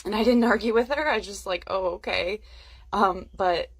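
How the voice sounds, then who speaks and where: Give me a woman telling an anecdote in a relaxed, amused way. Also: mid-range voice, normal speed. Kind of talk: storytelling to camera.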